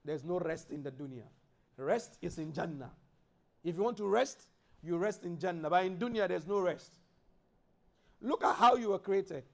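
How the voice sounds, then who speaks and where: Brief: male preacher with a high-pitched voice, mosque sermon, builds emphasis and recites Arabic. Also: expressive, normal speed, vocal fry, long pauses. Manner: preaches with rising emphasis and quoted Arabic verses. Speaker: imam.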